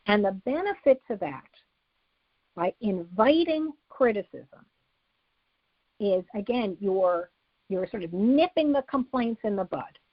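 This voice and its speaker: A woman with a slightly husky, breathy voice speaks as a guest psychologist, laying out advice step by step in a calm, instructive way. She acts out example sentences in the same even tone. The recording is dry and a little dull, with a lo-fi edge. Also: medium pitch, dry recording. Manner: calm, instructive, walks through numbered steps and acts out sample phrases. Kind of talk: explaining advice in an interview.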